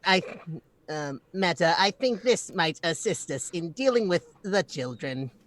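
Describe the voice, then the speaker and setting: A man voicing a small, stiff, formal male robot with a blaster who speaks in halting, proper phrases. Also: sits high, animated, a bit bright, slight background noise.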